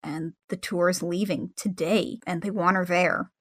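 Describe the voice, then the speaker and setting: A woman co-hosting a podcast, chatting casually about a comic and retelling its plot with gushing excitement. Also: fairly low pitch, moderate pace. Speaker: podcast co-host.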